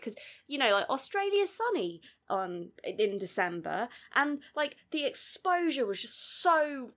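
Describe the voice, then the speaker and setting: Her fairly high, slightly bright voice carries a casual film review chat on the podcast she co-hosts. She is blunt and animated, and her speech is full of fillers.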